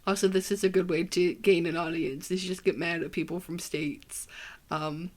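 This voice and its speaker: A woman's voice: lowish voice, steady tone, moderate pace, darkish tone. A young woman from Ohio hosting a casual solo podcast, sleepy and tired, rambling in a self-deprecating way with many fillers. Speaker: podcast host.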